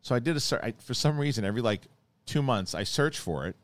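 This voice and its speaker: A man hosting a podcast, chatting casually in a rambling, animated way with many restarts. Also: mid-range voice, fast, dry recording. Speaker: podcast host. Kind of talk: casual chat.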